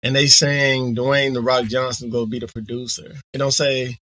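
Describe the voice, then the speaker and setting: A man co-hosting a podcast in casual chat, relaxed, moving the group on to the next topic. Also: medium pitch, moderate pace, no room sound, low-quality recording. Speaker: podcast co-host.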